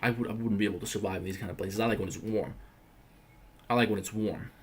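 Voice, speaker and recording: A man's voice: fairly low pitch, fairly even intonation, fast talker. A man from the Balkans hosting a livestream, answering viewer questions in a blunt, profane, emphatic rant. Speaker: livestream host.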